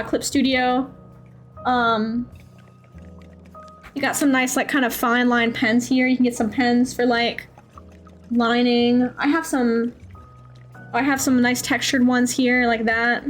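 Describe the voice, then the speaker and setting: An enthusiastic woman streamer talking casually as she shows off art tools. Her voice is high, and she tosses in "dude" often. Soft music plays in the background. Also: level tone, a little slow. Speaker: streamer, host. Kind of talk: casual chat while demoing art software.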